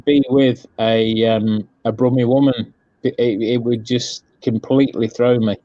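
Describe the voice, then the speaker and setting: A man's voice: mid-range voice, steady tone, measured pace, warm tone, dry recording. A man in a casual live stream chat, speaking hesitantly with many ums and careful phrasing. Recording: dull, dry lo-fi audio.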